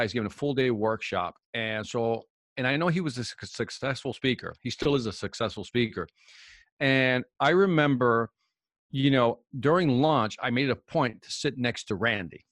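A man, a professional speaker, telling a lively story in an interview and acting out the dialogue. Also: medium pitch, no echo, clean studio sound.

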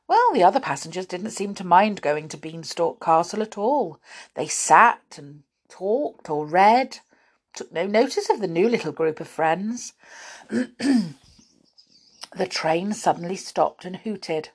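A woman reads a children's storybook aloud at a slow, gentle pace. Her voice sits fairly low but moves with lively ups and downs, and she chats to her listeners between passages. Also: husky. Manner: unhurried, with chatty asides to listeners.

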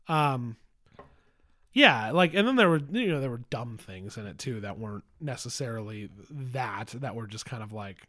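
A man co-hosting a podcast in casual chat, often halting and restarting his sentences. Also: mid-range voice, lively intonation, pushed and bright. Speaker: podcast co-host.

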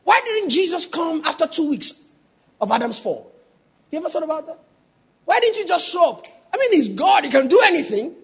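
A man preaching a sermon, teasing the congregation and building to shouted emphasis. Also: very high voice, big pitch swings, fairly quick. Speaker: pastor.

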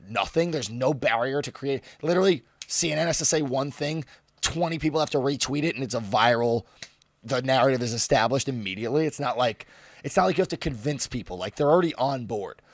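A young man hosting a podcast, talking in an animated, casual way and swearing often. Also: mid-range voice, fairly quick, no echo. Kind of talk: casual chat.

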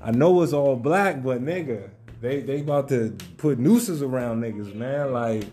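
Laid-back man with a mellow voice. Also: medium pitch, unhurried. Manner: loose, profane street talk with many fillers. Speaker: podcast host. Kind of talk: casual podcast chat.

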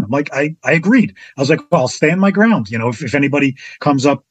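A man as a podcast guest telling a casual anecdote in an animated way, acting out the other people's lines with big jumps in his voice. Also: fast, few pauses, slightly rough, dry recording, muffled recording. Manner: animated, acts out quotes with big pitch jumps.

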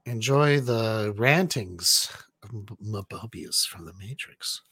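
A man's voice: lowish voice, lively intonation, slow pace, pushed and bright, slightly rough, no room sound, studio quality. A man chatting casually while reacting to a movie, joking along with his cohost. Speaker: movie commentator.

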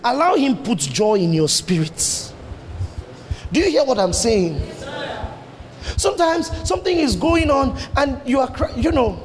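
High-voiced man preaching in an echoing hall. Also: a little hiss or hum. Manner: animated preaching with rhetorical questions and sudden pitch swings. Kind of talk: sermon. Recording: long hall reverb, faint ambience.

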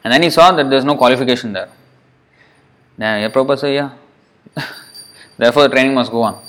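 Man, religious teacher lecturing devotees; earnest, explanatory, repeats for emphasis, middle pitch. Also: brisk, fairly bright tone, low-quality recording.

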